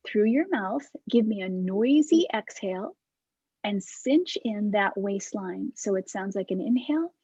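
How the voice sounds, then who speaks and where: Soft-spoken woman leading a class. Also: mid-range voice, unhurried, no echo, highs cut off. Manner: calm, soft-spoken cueing with breathy demonstrations. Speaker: movement class instructor. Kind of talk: guided exercise class over video call. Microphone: video call.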